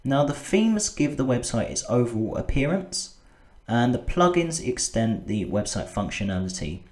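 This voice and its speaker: A man narrating a screen-recorded software tutorial, patiently walking through each step. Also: medium pitch, sing-song, normal speed, echoey room. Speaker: web design tutor.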